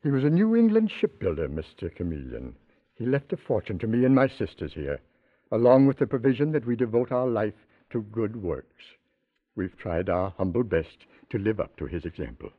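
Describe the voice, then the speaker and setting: A man's voice: lowish voice, sing-song, normal speed. An actor playing a genteel, earnest man who runs a charity house, in 1940s radio acting style. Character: pious male charity house owner. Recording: tinny old radio broadcast.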